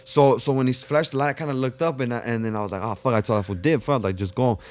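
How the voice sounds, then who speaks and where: A man's voice: medium pitch, very fast, a little mellow. A young man, a podcast guest telling a street story in casual, slangy, profane talk full of "fool" and restarts.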